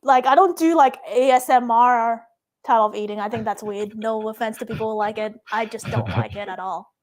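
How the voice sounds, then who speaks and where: A young woman co-hosting a casual chat, blunt and opinionated, with quick asides. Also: fairly high pitch, a little mellow. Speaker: YouTube co-host.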